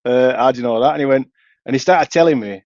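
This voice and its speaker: A Yorkshire man, a podcast co-host, tells a long, rambling story in casual chat, full of restarts, swearing, and frequent laughs. His voice is medium-pitched, quick, and a little mellow, on a dry, lo-fi recording.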